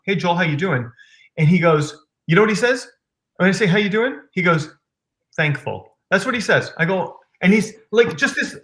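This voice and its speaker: An enthusiastic man hosts a business chat over a video call. His voice sits a little high, and he talks in quick bursts, often repeating words as he builds up steam. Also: a bit bright. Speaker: host of a live business stream. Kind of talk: casual chat.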